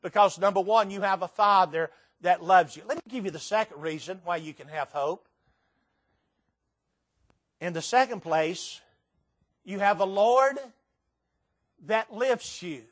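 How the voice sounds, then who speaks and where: An older man preaching a sermon to a church audience, swinging between soft and loud with strong emphasis. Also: measured pace, pauses often. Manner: emphatic, dramatic swings in pitch and volume. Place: church meeting before a live audience.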